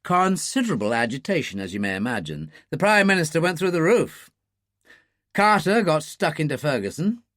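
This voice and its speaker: Urbane male insider, read by a narrator, gossipy briefing manner, higher and lively. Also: moderate pace, no echo, studio quality. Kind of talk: audiobook character reading.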